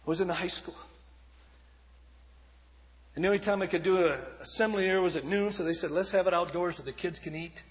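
A man preaching in a storytelling sermon style, swinging between shouted peaks and hushed passages. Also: sits high, brisk, long pauses, in a large hall. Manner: dramatic, shifting from shouts to hushed tones. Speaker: evangelist speaker.

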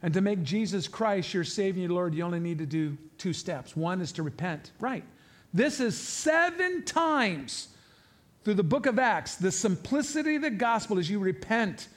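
Animated pastor preaching a sermon. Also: male voice, high-pitched, fairly quick, hardly any pauses. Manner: animated and conversational, with humor and asides to the congregation. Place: church in front of a congregation.

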